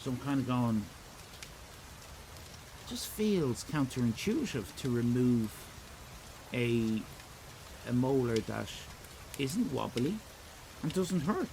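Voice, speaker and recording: A man's voice: medium pitch, sing-song, slow pace, creaky, pauses often, darkish tone, slight background noise, poor audio. A middle-aged Irish man streaming live, rambling and self-mocking in casual chat with his viewers. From Ireland.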